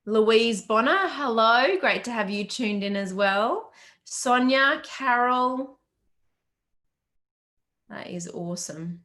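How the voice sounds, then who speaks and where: A woman's voice: a little high, lively intonation, slow, pauses often, fairly bright tone. A middle-aged Australian woman, a business coach, chatting on a live Q&A stream, upbeat and chatty, greeting viewers by name and laughing often. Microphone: webcam or laptop mic on a video call.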